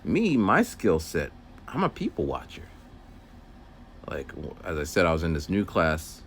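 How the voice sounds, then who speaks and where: Brief: low male voice, huge pitch swings, rambling outdoor walk-and-talk storyteller. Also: wildly swooping pitch, unhurried, slightly rough. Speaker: teacher's aide. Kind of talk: casual walking vlog monologue. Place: outdoors, walking.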